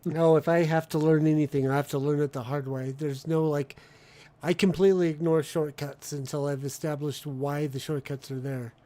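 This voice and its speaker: A man chats casually while streaming a video game. He thinks aloud and rambles, often restarting his sentences. His voice is mellow and relaxed, and sits a little high for a man. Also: moderate pace. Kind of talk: casual gameplay chat.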